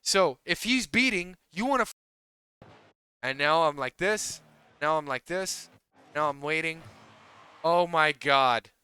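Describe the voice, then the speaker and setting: A man's voice: fairly high pitch, bright, forceful tone, clean tone, no echo. A man coaching players, ranting in an exasperated way, swearing and repeating himself. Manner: profane, exasperated, rapid repetitive ranting. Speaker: game coach. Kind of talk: coaching session rant.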